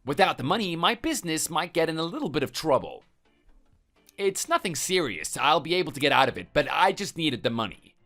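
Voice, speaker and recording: Brief: male text-to-speech voice as a bullying husband, very swooping pitch, defensive and scornful. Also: sing-song, a little fast, fairly bright tone, faint music behind. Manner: defensive and contemptuous. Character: hot-tempered, threatening adult husband. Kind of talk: text-message story voice-over.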